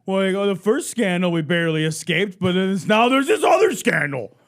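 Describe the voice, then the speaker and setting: A man from Illinois co-hosting a casual political chat. He is animated and sarcastic, and he swears freely. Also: high-pitched, brisk. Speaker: livestream co-host.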